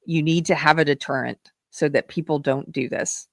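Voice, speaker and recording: A woman from South Carolina hosting a live political commentary show, talking in a sarcastic, emphatic way and quick to scoff. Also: deep voice, fairly even intonation, creaky, no echo, clean studio sound. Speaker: show host.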